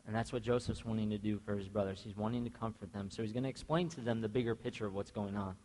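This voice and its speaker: Conversational young preacher in a reverberant church. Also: male voice, fairly low pitch, quick pace, few pauses. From grew up in a half-Mexican household. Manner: conversational, asks the congregation questions; animated storytelling, acts out quoted voices. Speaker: pastor. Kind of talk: sermon. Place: church sanctuary.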